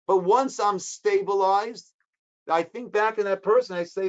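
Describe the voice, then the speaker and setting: The audio is dull as a rabbi, speaking high and animated, teaches a Torah class line by line. He asks questions, answers them himself, and performs the speakers in quick dramatic quotations.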